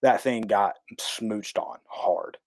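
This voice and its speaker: A man, co-hosting a casual talk show, telling a rambling, excitable story and correcting himself as he goes. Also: on the low side, takes it slowly, no echo. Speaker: podcast co-host.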